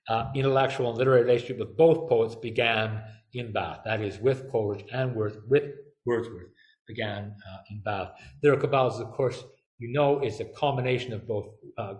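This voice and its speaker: A man's voice: medium pitch, echoey room. A man giving a public lecture in a chatty way, full of fillers and playful quoted asides.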